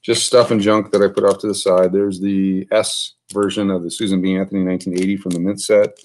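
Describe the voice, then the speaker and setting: A man's voice: low voice, fairly quick. A man casually showing his coin collection on camera, talking off the cuff with lots of fillers and asides. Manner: relaxed, unscripted, many fillers and asides. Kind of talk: casual show-and-tell narration. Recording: faint background noise with clicks.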